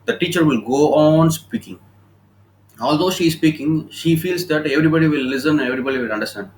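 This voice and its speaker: A man's voice: fairly high pitch, brisk, a little mellow, slight background noise, poor audio. A man teaching communication skills over slides, explaining informally and often checking "okay?" between points. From India. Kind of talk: recorded slide lecture. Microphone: laptop recording.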